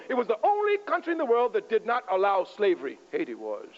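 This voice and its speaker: Fiery high-voiced man lecturing. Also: huge pitch swings, fast, few pauses. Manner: emphatic, provocative, chuckling often. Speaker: political speaker. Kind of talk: fiery lecture to a live audience. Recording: muffled lo-fi with faint mains hum.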